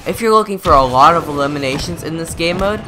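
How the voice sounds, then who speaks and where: A young man with a fairly high, bright voice talks through game tips in a steady, instructive voice-over. He sounds scripted and methodical. A faint hiss sits under the close-miked recording. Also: fast talker. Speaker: gaming YouTuber. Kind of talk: scripted gameplay tutorial voice-over.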